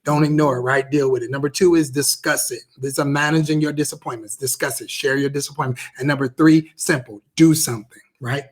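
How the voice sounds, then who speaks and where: A man's voice: medium pitch, fairly even intonation, brisk, few pauses. A man co-hosting a live marriage talk, teaching with emphatic repeated phrases in a preacher's rhythm. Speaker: co-host of a marriage talk show.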